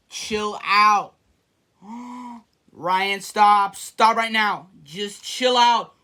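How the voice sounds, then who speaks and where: A performer shouting and scolding in a home-made comedy skit. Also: mid-range voice, slow pace. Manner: yelling, scolding.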